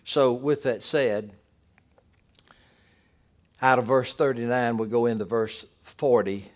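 A man preaching a communion sermon as pastor, emphatic and building to forceful repeated declarations. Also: mid-range voice, steady tone, slow.

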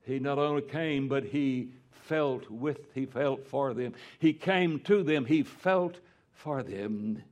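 An older man preaching a fervent sermon as a pastor, swinging from quiet, slow lines to sudden loud, high-pitched cries.

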